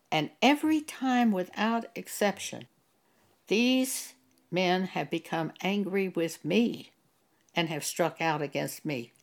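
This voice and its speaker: Slow, earnest woman preaching. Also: lowish voice. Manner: slow, earnest, reads scripture aloud in King James wording. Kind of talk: sermon monologue.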